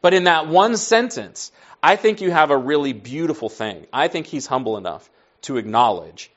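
A man preaching a sermon in a conversational storytelling way, acting out dialogue and dropping to soft asides. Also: on the high side, animated, moderate pace, dull audio.

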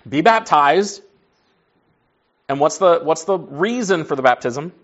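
A man's voice: fairly high pitch, expressive, measured pace, dull audio. A man preaching to a class in a conversational teaching style, folksy, asking the group questions and answering them himself. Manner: folksy, says y'all and like.

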